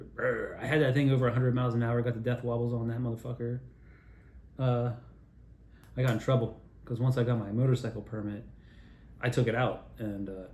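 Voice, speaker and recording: A man's voice: medium pitch, darkish tone. A man rambles through his own wild stories with a middling voice, cursing and chuckling as he drifts off track. The sound carries the echo of a roomy space around him. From Altoona area, Pennsylvania. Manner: loose, digressive, swearing, laughing at own stories. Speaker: storyteller. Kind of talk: rambling personal storytelling.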